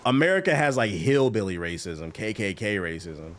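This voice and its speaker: Man, casual gaming streamer; low-ish, very lively pitch, salty and animated. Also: moderate pace. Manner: animated, laughing, swearing. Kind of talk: casual storytelling while gaming.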